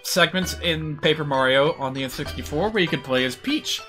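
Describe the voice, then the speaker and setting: A man's voice: fairly high pitch, moderate pace, bright, forceful tone, soft background music. A man giving casual, joking commentary while streaming a video game. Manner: chatty, joking asides with laughs.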